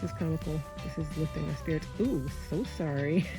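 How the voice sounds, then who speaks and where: Over music, a woman in her thirties with a low-pitched voice talks a little fast as she walks through her backyard garden. She's a homestead vlogger making a casual garden vlog, chatty and sighing, and she calls viewers y'all.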